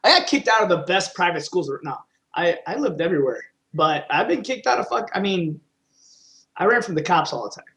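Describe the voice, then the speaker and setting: A man, a podcast co-host, cutting in with short deadpan heckles in casual chat. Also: sits high, brisk.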